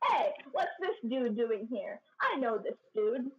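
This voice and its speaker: A woman's voice: fairly high pitch, sing-song, measured pace, breathy edge, far from the mic, dull audio, full character voice. A woman voicing a female goddess who talks in a casual, blunt way.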